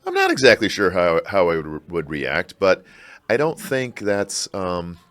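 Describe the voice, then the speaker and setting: A middle-aged man from Chicago, a scholar talking in a podcast interview, reflective and halting with animated bursts. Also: sits low. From Chicago, United States. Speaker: guest, scholar and university provost.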